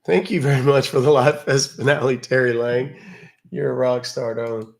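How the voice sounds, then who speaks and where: A man's voice: mid-range voice, fairly even intonation, normal speed, creaky. Chatty man hosting a livestream. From West Virginia, USA. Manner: joking, chatty, talks to his chat. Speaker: scam-baiting livestream host. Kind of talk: casual livestream chat.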